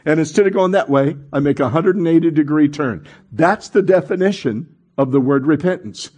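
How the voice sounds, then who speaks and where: A man preaching a sermon as pastor, animated, calling on the congregation to respond and acting out voices in his stories. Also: a little high, husky.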